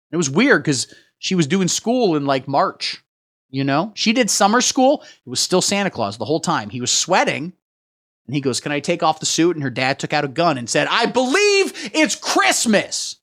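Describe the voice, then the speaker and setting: A man hosting a satirical livestream, riffing crudely in a rambling, deadpan way while he reads the chat. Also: on the high side, normal speed. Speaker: livestream host. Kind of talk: satirical livestream comedy rant.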